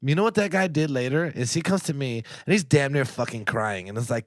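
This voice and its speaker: A man's voice: medium pitch, animated, a little fast, hardly any pauses, no room sound. A man co-hosting a podcast, telling a story in blunt, profane, worked-up casual chat, openly annoyed. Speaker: podcast co-host.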